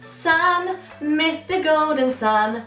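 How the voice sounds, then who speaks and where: Slow sing-song British woman teaching toddlers. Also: sits high, lively intonation, pushed and bright. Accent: British English. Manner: slow, exaggerated, sing-song with frequent singing. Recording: roomy, slightly distant mic with faint music.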